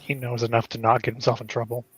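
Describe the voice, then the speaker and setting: A man's voice: mid-range voice, monotone, fast talker, slightly rough, poor audio. A man co-hosting a podcast who chimes in with dry, sarcastic remarks.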